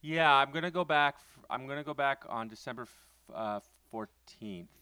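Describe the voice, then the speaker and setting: A man's voice: mid-range voice, normal speed, bright, forceful tone, smooth, no echo. A man co-hosting a casual podcast, telling rambling stories full of fillers and self-corrections. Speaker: podcast co-host.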